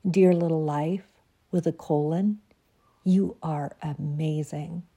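A woman with a lowish, mellow voice reads a reflective devotional piece on her podcast, soft and unhurried. She speaks close to the mic, with a warm, gentle tone that shifts easily into casual chat with her listeners. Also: steady tone, husky. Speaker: podcast host.

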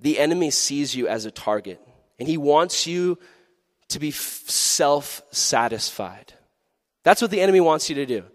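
A man giving a youth sermon in a lively, animated way, acting out quoted voices. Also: a little high, moderate pace. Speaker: youth pastor. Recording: long hall reverb.

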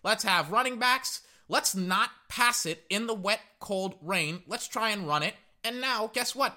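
Brief: man, fan commentator, high lively voice, sharp bright tone, rambling live game reactions. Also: normal speed. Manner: excitable, rambling, repeats words.

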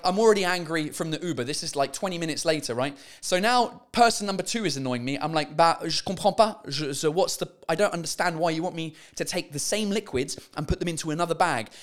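A man hosting a podcast, telling a story as an exasperated, profane comic rant. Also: sits high. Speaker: podcast host.

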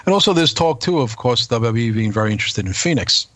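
A man's voice: medium pitch, animated, fast, a bit bright, no room sound. A man co-hosting a casual wrestling podcast, rambling and asking his partner many questions. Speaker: co-host.

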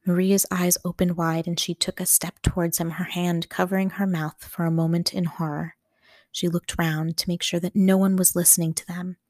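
A woman reading a novel aloud as an audiobook narrator, calm and measured. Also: on the low side, dry recording, studio quality.

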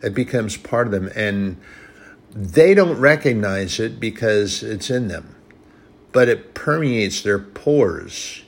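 A man's voice: lowish voice, expressive, slow pace, slightly rough. A man preaching a sermon in an earnest, conversational way, often restarting his sentences.

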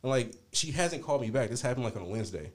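A man talks fast and animated, as a podcast host telling a story. He swears freely and acts out both sides of the argument as he goes. His pitch sits in the middle range. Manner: animated, profane, quoting himself and others. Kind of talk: casual storytelling.

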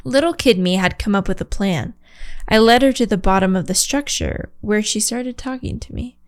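A woman co-hosting a podcast, reading a story aloud with animated, giggly asides. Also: medium pitch, moderate pace. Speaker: podcast co-host.

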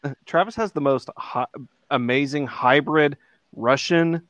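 A man's voice: a little high, unhurried, fairly bright tone, no echo. Wry man, dry close sound. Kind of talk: casual group chat.

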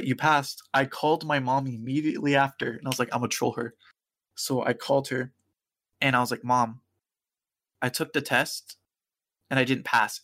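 Young man telling a story on a podcast. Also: mid-range voice. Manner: animated storyteller acting out quoted voices, laughing often. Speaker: podcast co-host. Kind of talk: casual chat, storytelling.

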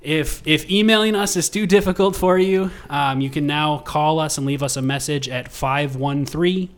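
A man's voice: fairly high pitch, normal speed. A man co-hosting a podcast, talking casually with frequent ums and uhs. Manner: relaxed, lots of ums and uhs. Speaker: podcast co-host.

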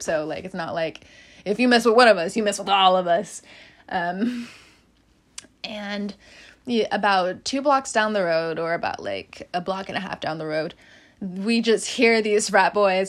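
A young woman hosting a podcast, telling a story in a casual, animated way, laughing often and acting out what other people said. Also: mid-range voice. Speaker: podcast host.

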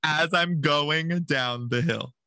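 Male podcast guest, animated storyteller, bright tone, plays out the quotes. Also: fairly high pitch, takes it slowly, no echo. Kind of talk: casual podcast chat.

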